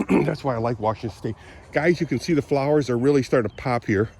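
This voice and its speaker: A man with a lingering cold giving a rambling, chatty outdoor walk-and-talk vlog on his farm, often clearing his throat and coughing. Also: mid-range voice, brisk, darkish tone, a little hiss or hum. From Southwest Michigan. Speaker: vlogger.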